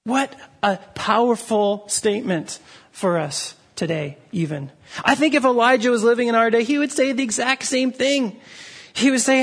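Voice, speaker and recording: A man with a high, slightly husky voice delivers a sermon. He tells his story loosely, with restarts and fillers along the way. He sinks to a low, quiet tone when he wants a point to land. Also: moderate pace. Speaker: pastor.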